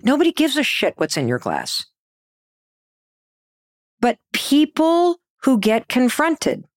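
A middle-aged woman giving a motivational talk, emphatic and lively, telling personal stories and repeating her key points. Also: mid-range voice, no echo, studio quality. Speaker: speaker giving life advice.

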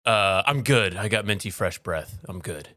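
A man's voice: fairly low pitch, animated, moderate pace, pushed and bright, no room sound, clean studio sound. A man playing in a tabletop game, laid-back and slangy, joking around.

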